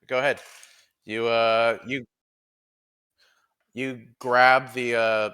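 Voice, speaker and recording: Male game master, rambling, edgy tone, lower pitch. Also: gravelly, pushed and bright. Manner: rambling, profane, chuckling. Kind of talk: narrating a tabletop game.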